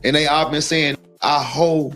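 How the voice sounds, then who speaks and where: A man's voice: on the high side, steady tone, moderate pace, a bit bright, soft background music. A man from Texas talking as an interview guest, heated and profane, rambling with frequent asides. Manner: heated, profane, rambling, often says "you know what I'm saying". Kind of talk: casual interview talk.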